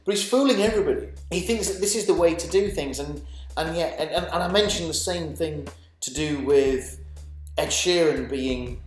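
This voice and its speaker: A man's voice: fairly high pitch, normal speed. A man in his forties, a vlogger in a heated, sweary monologue full of stammered restarts and sarcasm. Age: 40s. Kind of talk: angry ranting monologue. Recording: echoey room with faint music.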